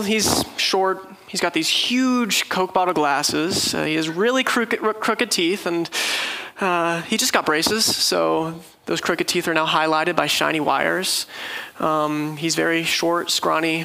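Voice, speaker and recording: A man's voice: high voice, sharp tone, rough recording. A man preaching a sermon, telling the story earnestly and vividly.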